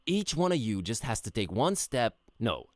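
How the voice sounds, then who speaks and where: In this dry studio voice-over, a man plays a laid-back, wisecracking grown-up adventurer for a game, sounding curious. His mid-range voice moves through big pitch swings at a normal pace and sounds natural.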